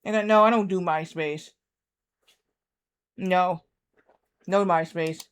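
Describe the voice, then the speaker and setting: A man's voice: high-pitched, slow, fairly bright tone, clear, resonant tone. A man in his thirties streaming a game, telling a rambling story with lots of repeats and acted-out quotes. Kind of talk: casual storytelling while gaming.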